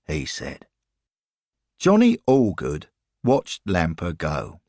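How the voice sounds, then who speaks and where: Slow, husky-voiced male storyteller. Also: low-pitched, dry recording. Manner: dry, wry, expressive reading. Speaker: narrator. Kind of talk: scripted storytelling narration.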